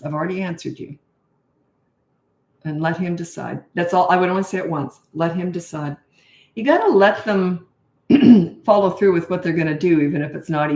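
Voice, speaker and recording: An older woman, a parenting coach, giving blunt, direct advice in a live-stream Q&A. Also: on the low side. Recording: echoey room.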